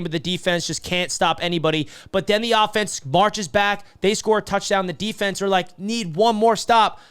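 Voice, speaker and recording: A man hosting a sports fan channel, giving an emotional recap vlog in an earnest, passionate way, speaking in rushes and repeating himself. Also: sits high, fairly bright tone, clear, resonant tone. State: emotional, grieving.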